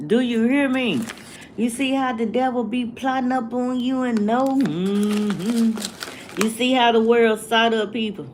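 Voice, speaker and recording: A woman, talking to her livestream viewers in a slow, preachy way and asking the same rhetorical questions over and over. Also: a little high, steady tone, darkish tone, slight background noise. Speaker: vlogger. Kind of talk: casual livestream rant.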